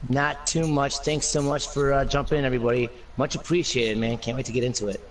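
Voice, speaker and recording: A man's voice: medium pitch, fairly even intonation, fast talker. A man guesting on a casual gaming discussion, thinking aloud with lots of fillers. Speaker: guest panelist. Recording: distant mic with faint noise.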